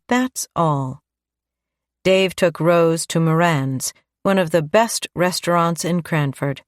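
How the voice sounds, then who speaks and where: Low-voiced woman reading an audiobook. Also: no echo, studio quality. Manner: calm, even storytelling. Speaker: audiobook narrator. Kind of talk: scripted narration.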